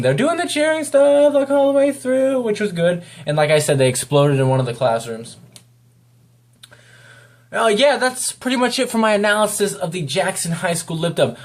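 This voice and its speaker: A man's voice: a little high, sing-song, moderate pace. A man giving a casual, rambling spoken review of a video, talking off the cuff.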